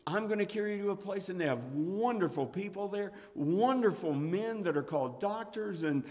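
A high, sing-song father's voice coaxing a hurt boy that all will be well, as a preacher acts him out. It rises and swells with soothing promises, ringing through a long reverberant church hall. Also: animated, normal speed, a little mellow. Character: soothing father calming a hurt little son.

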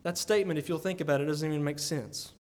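Long reverb from the church sanctuary surrounds a fast-talking pastor whose fairly high voice keeps a fairly even intonation. He delivers an earnest, conversational sermon, often asking his listeners "right?"

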